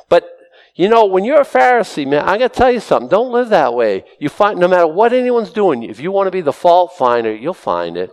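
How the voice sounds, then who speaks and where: Male pastor, sermon, lively storyteller, slightly higher voice, lots of pitch swing. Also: a little fast, in a large hall, low-quality recording. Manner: animated storytelling with acted-out quotes.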